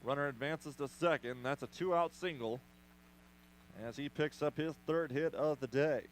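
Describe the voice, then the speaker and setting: A man doing play-by-play commentary for a baseball radio broadcast, brisk with playful asides. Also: on the high side, slight background noise, rough recording. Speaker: play-by-play announcer.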